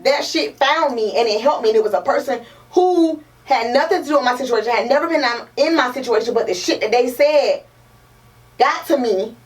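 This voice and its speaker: A young woman with a somewhat high voice co-hosts a podcast in loose, heated chat. She swears freely and hammers her points home through repetition. She sits a little back from the mic, so the sound is slightly distant. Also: animated, fairly quick. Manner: emphatic and profane, repeats points for stress. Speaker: podcast co-host. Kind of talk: casual chat. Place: podcast room.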